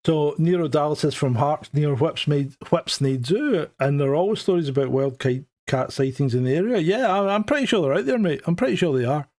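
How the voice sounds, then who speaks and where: Fairly high-voiced man from Scotland, loose and joking, co-hosting a live chat show. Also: animated, fairly quick, hardly any pauses, darkish tone. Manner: chatty, joking, trailing restarts. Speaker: co-host of a live stream. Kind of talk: casual chat.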